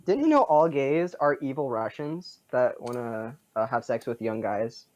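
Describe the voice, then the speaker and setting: A man co-hosting a casual gaming podcast, sarcastic and quick to laugh. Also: medium pitch, lively intonation, darkish tone. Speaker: podcast co-host. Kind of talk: casual chat.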